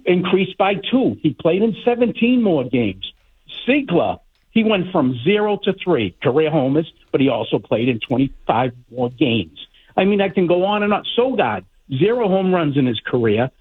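Husky, indignant male caller on phone. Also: high-pitched, very animated, normal speed. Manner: indignant, sarcastic. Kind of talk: heated call-in rant. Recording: tinny phone line.

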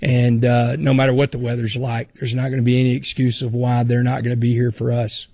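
A male football coach talking to reporters in a measured, hedging way. His voice sits mid-range and sounds dry and close. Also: medium pitch, completely flat delivery, warm tone, dry recording. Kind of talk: press conference remarks.

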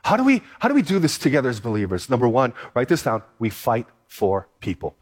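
A pastor preaching a sermon, reading scripture aloud and pressing points with earnest, repeated phrases. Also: male voice, medium pitch, huge pitch swings, racing.

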